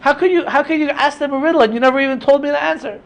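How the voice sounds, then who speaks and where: A woman's voice: sits high, very fast, voice pushed up. A man acting out a young wife who is crying and pleading with her husband in a whiny, accusing voice. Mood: tearful pleading.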